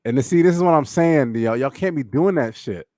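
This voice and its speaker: A man's voice: a little high, lively intonation, brisk, mellow, no room sound, clean studio sound. A man co-hosting a podcast in casual chat, talking with animation, swearing often and using lots of fillers and restarts. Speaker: podcast co-host.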